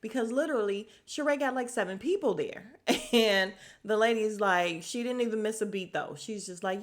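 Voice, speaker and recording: Woman, podcast host, casual recap chat, animated, laughs a lot, acts out quotes. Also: medium pitch, normal speed, hardly any pauses. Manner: chatty, animated, laughs often; acts out quoted people's voices.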